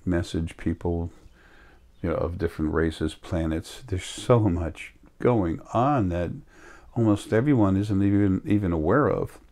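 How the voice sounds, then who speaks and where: Deep voiced guy, kinda sick and coughy, rambling on slow. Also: a little mellow. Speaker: vlogger. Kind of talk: casual monologue.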